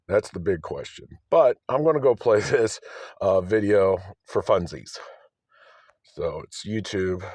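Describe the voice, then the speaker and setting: A man's voice: low-pitched, a little mellow, no room sound. A man vlogging to camera, agitated and insistent, often asking "all right?". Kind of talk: rambling self-filmed monologue. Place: outdoors by his car.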